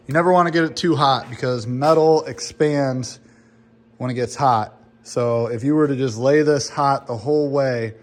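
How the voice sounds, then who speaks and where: A hoarse young man filming on his phone in a garage, casually explaining his work step by step and swearing now and then. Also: mid-range voice. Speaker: car builder explaining his project. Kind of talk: casual how-to narration.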